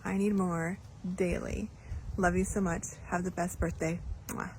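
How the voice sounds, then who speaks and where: A woman's voice: fairly low pitch, level tone, unhurried, a little hiss or hum, low-quality recording. A woman gushing affectionate birthday wishes to a dear friend. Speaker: friend giving a birthday message. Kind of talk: warm birthday message.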